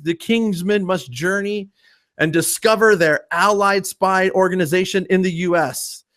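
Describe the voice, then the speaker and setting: A man's voice: sits high, a bit bright. A man hosting a movie review podcast, upbeat and chatty. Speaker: podcast host. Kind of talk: casual movie review chat.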